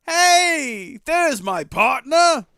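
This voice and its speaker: A man doing a high excitable bird reporter. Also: drawn-out words, vocal fry, no room sound, studio quality, exaggerated voice. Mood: chummy. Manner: chummy, upbeat.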